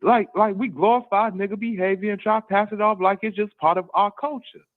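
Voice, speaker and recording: A man's voice: high voice, fairly even intonation, brisk. Exasperated man ranting over a tinny line. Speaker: guest podcaster. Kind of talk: casual ranting commentary.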